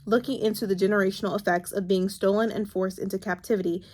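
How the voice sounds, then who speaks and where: A woman's voice: mid-range voice, fairly even intonation, fast talker, darkish tone, natural voice. A woman reading as an earnest man. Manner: plain read-aloud dialogue. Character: earnest adult man explaining research.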